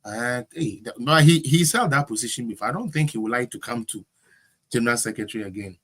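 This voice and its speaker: A man's voice: mid-range voice, quick pace. A Ghanaian man chats loosely on his own political stream. He rambles and switches between English, local words and a put-on Jamaican patois. He talks in an ordinary mid-range voice. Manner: slips into Jamaican patois with shout-outs. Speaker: political show host. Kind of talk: casual live-stream chat.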